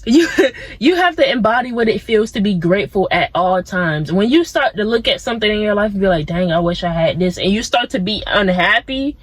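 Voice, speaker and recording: This young woman's husky, medium-pitched voice is expressive and a little fast, with hardly any pauses. She rambles through a relaxed motivational vlog outdoors among plants, drifting into side thoughts, on a rough recording with no echo.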